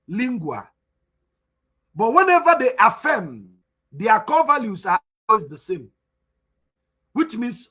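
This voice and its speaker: A man's voice: very high-pitched, a bit bright. A Nigerian man with an Igbo accent, a native Igbo speaker, teaching in a spoken lecture, emphatic and repeating his points with rhetorical questions.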